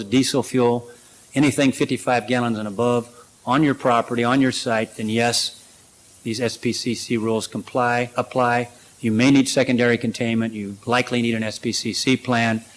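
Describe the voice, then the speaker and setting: A man at a conference lectern takes questions and answers them in a plain, practical way. His talk is loose and conversational, full of "you know" and "uh". His voice sits at a middle pitch for a man. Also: rough recording. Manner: practical, conversational, many fillers. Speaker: conference speaker. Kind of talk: presentation and Q&A.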